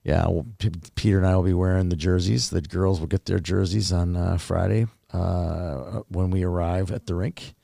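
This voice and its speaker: A man's voice: low voice, flat delivery, normal speed, creaky, hardly any pauses, dark tone, husky, no echo, clean studio sound. A man hosting a podcast in casual chat, teasing his co-host and working in sponsor plugs conversationally.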